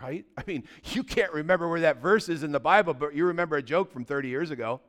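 A middle-aged man preaching a sermon as pastor, conversational and animated, full of rhetorical questions. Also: on the high side, fast talker, hardly any pauses.

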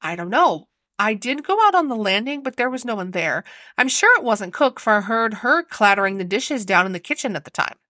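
A woman's voice: a little high, big pitch swings, a little fast, sharp tone, dry recording, studio quality. A woman voicing a deferential young maid. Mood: apologetic. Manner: respectful, apologetic. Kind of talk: storybook reading.

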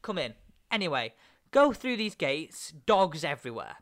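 Bright-voiced young man telling a story. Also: fairly high pitch, normal speed. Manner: animated, acts out other voices. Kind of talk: casual anecdote.

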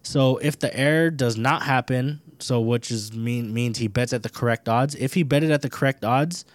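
A man's voice: medium pitch, moderate pace, no room sound. A young man hosts a laid-back podcast and drifts into rambling stories full of fillers and swearing. His voice sits in a plain middle range and comes through close and dry, with no room sound. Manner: loose, rambling and swear-heavy, with many fillers. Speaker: podcast host. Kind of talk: casual podcast chat, reading out a news story.

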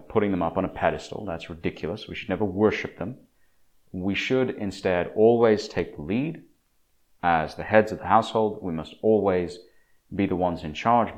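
A man delivering an opinionated monologue in a preachy, emphatic way, often stumbling and repeating words. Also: low-pitched.

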